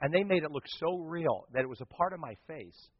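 A man preaching a sermon as the pastor, telling a story with lively, animated delivery and acting out other people's lines. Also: fairly high pitch, a little fast, husky. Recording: dull sound with long hall reverb.

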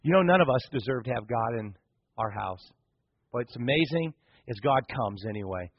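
A man's voice: mid-range voice, husky, no echo. A man preaching a sermon, telling a story and building to impassioned, rising climaxes. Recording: muffled lo-fi sermon recording.

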